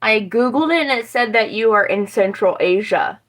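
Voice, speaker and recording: A woman's voice: fairly high pitch, animated, moderate pace, a bit bright, low-quality recording. Swearing West Virginian woman livestreaming. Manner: rambling, swears freely, chats with viewers. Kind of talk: casual livestream chat. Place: home kitchen.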